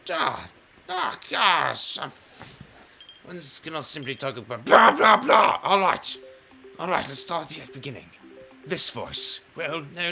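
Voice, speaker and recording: A young man vlogging about his own voices, rambling and halting, restarting sentences and playfully switching how he talks. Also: on the low side, pushed and bright. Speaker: YouTuber. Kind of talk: rambling self-reflective vlog.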